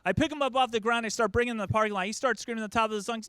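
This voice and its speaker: High voiced middle-aged guy doing standup, jumpy animated delivery, dry close sound. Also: rapid-fire, clean tone, no echo. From United States. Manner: animated, acts out family members in quoted voices. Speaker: stand-up comedian. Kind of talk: stand-up comedy set.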